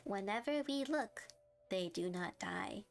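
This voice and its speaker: A woman's voice: mid-range voice, expressive, a little slow, gravelly, soft background music. A young woman streaming a game live, chatting and giggling as she reads her chat aloud and reacts to the story.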